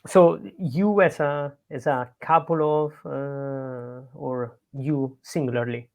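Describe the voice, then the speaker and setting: Man, non-native English speaker, middle pitch, hesitant and modest, casual interview. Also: fairly even intonation, slow pace. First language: not English. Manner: hesitant, modest, searching for words. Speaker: podcast guest.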